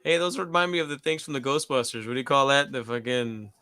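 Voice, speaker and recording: A man's voice: medium pitch, steady tone, fast, pushed and bright, clear, resonant tone, no room sound, studio quality. A man co-hosting a live movie watch-along, joking and swearing in casual chat. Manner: profane, jokey. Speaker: podcast co-host.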